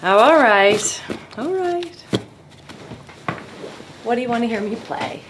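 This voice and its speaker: A woman in a film drama, speaking gently and patiently to a child. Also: a little high, expressive, slow pace, noisy background. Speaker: caregiver who plays piano.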